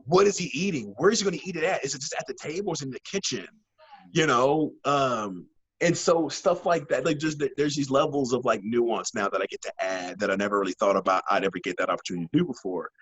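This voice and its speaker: Husky-voiced man in casual interview. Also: mid-range voice, fast, highs cut off. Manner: animated storyteller, rambling with many fillers and restarts. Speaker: professional wrestler interview guest.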